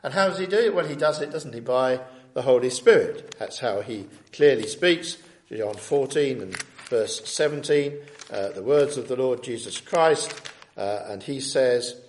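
A man preaching an earnest sermon, leaning on emphatic words and rhetorical questions. His voice sits at an ordinary male pitch. The sound carries a roomy echo, as if in a church hall. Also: a little slow. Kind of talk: sermon with scripture reading.

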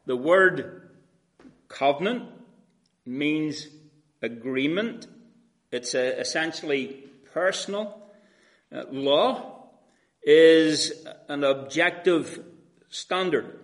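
A man preaching an expository sermon, addressing his listeners as friends, with frequent pauses and fillers. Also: a little high.

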